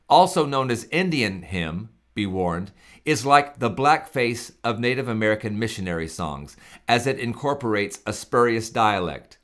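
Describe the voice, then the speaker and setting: A man giving reflective spoken commentary on old hymns, reading slowly and carefully in a measured way. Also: medium pitch, fairly bright tone. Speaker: hymn presenter.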